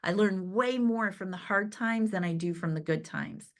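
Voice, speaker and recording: A woman's voice: medium pitch, moderate pace. A woman giving an upbeat motivational talk to a sales team, chatting casually and often checking in with "right?". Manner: conversational and upbeat, with frequent "right?" asides and laughs; acts out remembered conversations.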